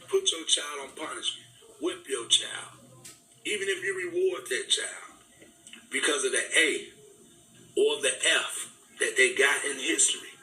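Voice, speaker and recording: A man's voice: medium pitch, bright, forceful tone, a little hiss or hum. A man giving an impassioned, preaching talk, fervent and repetitive, in casual vernacular. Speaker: speaker. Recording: echoey room, distant mic, faint music.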